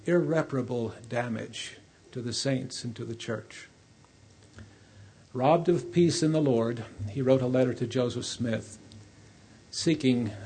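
An older man delivers a solemn, earnest sermon, telling a story along the way. His voice is dark and mellow with a husky grain. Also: mid-range voice. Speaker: church speaker.

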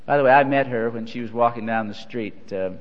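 A man's voice: mid-range voice, a little fast. Older man, folksy storytelling sermon, self-deprecating, dull lo-fi archive sound, long hall reverb. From Missouri. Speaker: church leader. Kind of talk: humorous anecdotal sermon. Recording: dull, echoey hall recording.

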